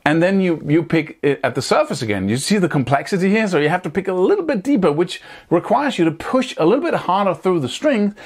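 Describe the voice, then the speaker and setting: This guitar teacher talks fast in a high-pitched voice, hardly pausing as he explains picking technique. Animated and hands-on, he scats the picking patterns out loud and keeps checking in with "right?" and "wouldn't you say?".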